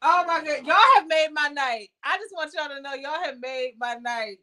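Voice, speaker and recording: A woman's voice: high voice, normal speed, sharp tone. A woman hosting a casual livestream chat, teasing her guests and laughing a lot. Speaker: livestream host.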